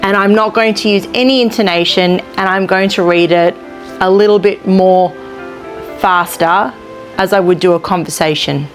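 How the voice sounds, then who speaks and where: A woman's voice: medium pitch, moderate pace, faint music behind. A woman giving practical advice to early childhood teachers in an instructional video, speaking in an encouraging, down-to-earth way. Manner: practical, encouraging, demonstrates read-aloud intonation.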